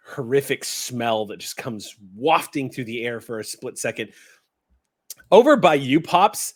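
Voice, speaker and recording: A man's voice: medium pitch, animated, a little slow. A man narrating a tabletop horror game as game master, vivid and easy to laugh.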